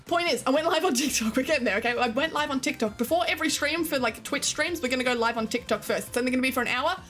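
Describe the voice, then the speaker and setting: A woman's voice: high voice, very fast, a bit bright, faint music behind. Giggly Australian woman chatting to her stream. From Queensland, Australia. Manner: giggly, chatty, talks to chat. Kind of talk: casual chat with live chat.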